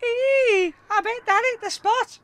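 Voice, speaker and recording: A man voicing a tiny, cheeky little creature carrying an egg, in a squeaky voice. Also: unhurried, a bit bright, slight background noise.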